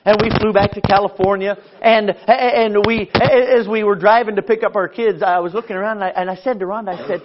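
A man's voice: sits high, steady tone, fairly quick, few pauses, muffled recording. A male pastor preaching a storytelling sermon with self-mocking humor, often stammering and restarting his phrases. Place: church sanctuary.

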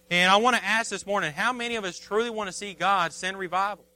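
An impassioned man in his thirties preaching a sermon with fervent, pleading intensity. His voice sits high and rings bright and crisp, and the sound is close and dry with no room echo. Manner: impassioned, pleading preaching that rises to near shouting. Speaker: pastor.

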